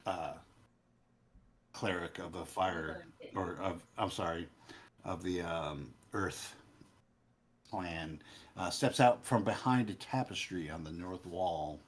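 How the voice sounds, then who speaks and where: A man narrating a tabletop game as game master, with a halting, relaxed delivery. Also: deep voice, a little hiss or hum.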